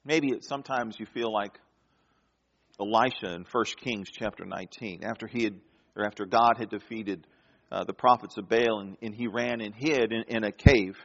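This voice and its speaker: A man's voice: on the low side, normal speed. Dramatic male preacher, muffled recording. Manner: dramatic, swinging from loud emphasis to hushed tones. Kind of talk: sermon.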